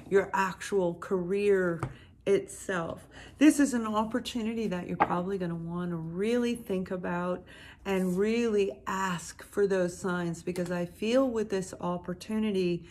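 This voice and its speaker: A woman giving a chatty tarot reading straight to her viewers, talking lively and directly to them. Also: medium pitch. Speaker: tarot reader.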